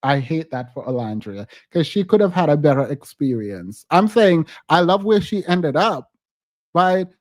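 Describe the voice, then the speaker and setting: High-voiced man giving emphatic commentary. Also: big pitch swings, normal speed, no room sound. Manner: emphatic and opinionated, laughs often. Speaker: podcast host. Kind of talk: casual reality-TV commentary.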